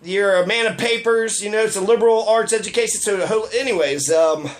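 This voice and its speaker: A man's voice: high-pitched, brisk. A man giving a casual, rambling political rant, sarcastic and full of profanity. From Colorado. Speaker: local political commentator.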